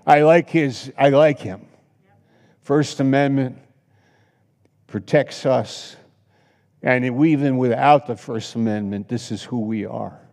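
A man pastor preaching a sermon with passion, swinging between loud exclamations and hushed asides. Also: medium pitch, takes it slowly, vocal fry, long pauses. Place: church sanctuary. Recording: long hall reverb.

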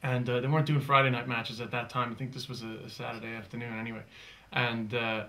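A man with an American accent, a comedian recalling a story in an interview with rambling pauses. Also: medium pitch, level tone, pushed and bright. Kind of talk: interview anecdote.

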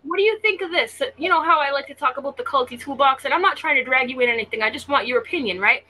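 A woman hosts a livestream in a blunt, slangy, mocking manner. Her voice is high and bright with a sharp edge, and she comes through over an online stream call. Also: fast talker, slight background noise, poor audio. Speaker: livestream host. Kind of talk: casual livestream chat. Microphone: online stream call audio.

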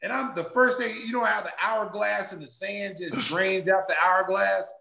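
A man in his fifties, a guest telling a casual anecdote, animated and laughing often as he acts out other people's lines. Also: high voice, moderate pace, vocal fry. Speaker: guest, former pro basketball player. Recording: roomy echo.

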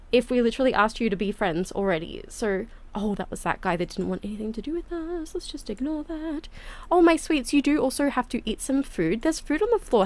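A woman hosting a gaming channel, giving casual, chatty gameplay commentary with lots of quick exclamations. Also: a little high.

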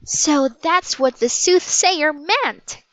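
A woman voicing an eager, bold young girl who talks in quick, urging bursts. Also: high-pitched, dry recording, pitched above the performer's own voice, full character voice. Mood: alarmed. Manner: excited, urging.

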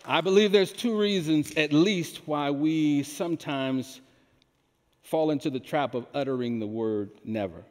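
Male pastor, deliberate sermon delivery, long hall echo. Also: fairly high pitch, a little mellow. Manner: slow, emphatic delivery with call-and-response questions. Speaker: preacher. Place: large church hall.

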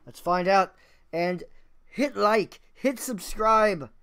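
A man's voice: high voice, slow, pushed and bright, smooth. A man hosting a music reaction video, talking casually and enthusiastically, thinking aloud and swearing now and then.

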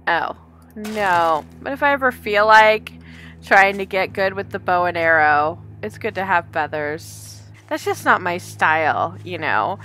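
Lively bright-voiced woman gaming. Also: lowish voice, a little slow. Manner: chatty, thinks aloud, talks to the enemies; easily startled, laughs often. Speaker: let's play host. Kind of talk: casual gameplay commentary.

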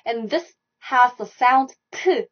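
A young woman leads a live online language lesson, talking through each stroke and repeating sounds again and again. Her voice sits slightly high. The stream audio is dull and lo-fi. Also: expressive, slow pace. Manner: repetitive, demonstrating sounds and strokes aloud. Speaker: Korean language teacher.

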